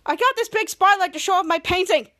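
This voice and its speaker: A blustering, boastful grown man, quoted by a woman retelling a sitcom. The voice stays very high and bright, much like her ordinary talk. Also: fast.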